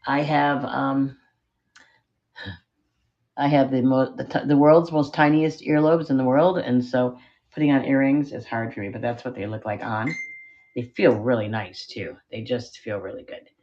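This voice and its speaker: A woman's voice: a bass voice, steady tone, normal speed. Middle-aged woman, rambling self-deprecating seller chat, home room, slightly muffled sound. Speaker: online jewelry seller. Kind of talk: live-stream auction chat. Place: spare bedroom at home.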